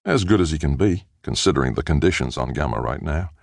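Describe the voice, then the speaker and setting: A man's voice: extremely low pitch, expressive, creaky, no echo, studio quality, exaggerated voice. A man voicing a cheerful, meddling male anthropologist who heads a team, in an audiobook reading. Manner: brisk, cheerful, knowing.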